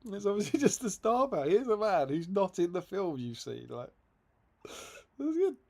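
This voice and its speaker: A man's voice: high voice, lively intonation, a little fast. A man co-hosting a live stream in casual chat, reading out viewer comments and laughing often. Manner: chatty and amused, laughs often. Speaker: livestream co-host.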